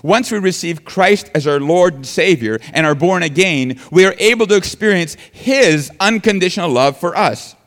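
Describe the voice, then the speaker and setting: A man's voice: high-pitched, animated, moderate pace, hardly any pauses, in a large hall. A man preaching a sermon earnestly, building emphasis and sometimes restarting his words. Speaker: pastor.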